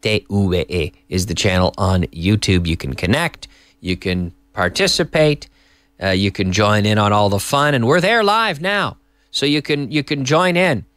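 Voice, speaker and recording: A man's voice: lowish voice, animated, measured pace, fairly bright tone, dry recording. A man hosting a live-stream English lesson, chatting casually and reading out viewer messages from a TV studio. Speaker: English teacher and host.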